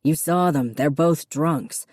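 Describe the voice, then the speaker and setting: A woman's voice: low voice, slow pace, a little mellow, no room sound, studio quality. Woman voicing a harsh, snapping father. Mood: stern. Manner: snapping, curt. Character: stern, harsh wealthy father, middle-aged man.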